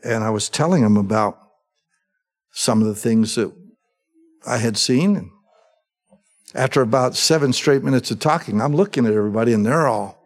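A middle-aged man preaching in an easy, conversational way. His voice sits at an ordinary pitch, and he keeps turning to his listeners for agreement as he teaches. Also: moderate pace, long pauses, soft background music. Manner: conversational, asks the congregation for agreement. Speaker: pastor. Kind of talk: sermon.

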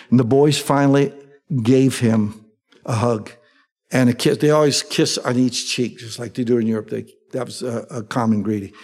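A male preacher giving a sermon. He reads scripture with rising excitement and adds folksy asides. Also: mid-range voice, normal speed, breathy edge. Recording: long echoey hall reverb.

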